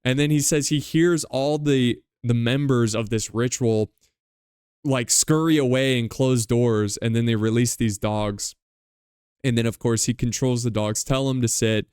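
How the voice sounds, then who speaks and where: Man, podcast host, casual rambling book recap, smooth clear voice, dry close sound. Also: medium pitch, unhurried, a little mellow, no room sound. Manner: loose, rambling retelling with many fillers.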